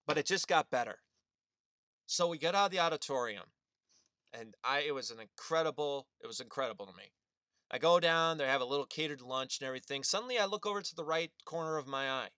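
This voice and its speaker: A young man hosting a sports radio show, telling a story in an animated, earnest way. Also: on the high side, no room sound, studio quality. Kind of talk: sports opinion monologue.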